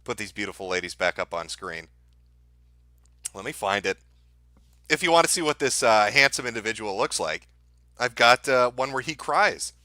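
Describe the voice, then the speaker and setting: Sarcastic man mocking clips, bright dry voice. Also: on the low side, lively intonation, moderate pace, long pauses, no room sound. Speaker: streamer commenting on clips. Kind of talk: mocking commentary.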